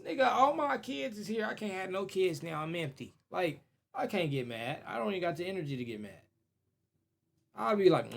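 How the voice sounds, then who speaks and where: A man's voice: sits high, sing-song, a little fast, gravelly. A young man reacting to a true crime video, swearing, mocking and talking back at the screen. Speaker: reaction streamer. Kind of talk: loud profane reaction commentary.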